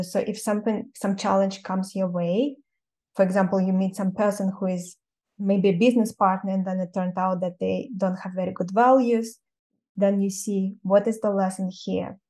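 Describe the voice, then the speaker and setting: A woman with a Russian accent, an interviewer and coach, speaking in a calm, measured and thoughtful way. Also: medium pitch. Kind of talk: interview conversation.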